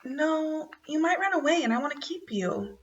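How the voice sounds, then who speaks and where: A woman's voice: sits high, lively intonation, moderate pace, far from the mic, muffled recording, voice pushed up. A woman voicing a wary, stubborn young boy who answers bluntly.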